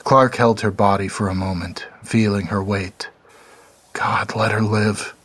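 A male narrator reads a dark short story in a slow, measured, somber way. His voice sits low and has a husky edge. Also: steady tone.

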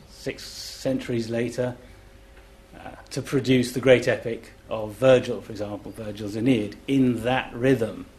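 A man speaking as a classics scholar on a festival panel, explaining in a measured, demonstrative way and chanting rhythms aloud to show them. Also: medium pitch, a little hiss or hum. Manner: measured and deliberate. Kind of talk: explanatory public talk.

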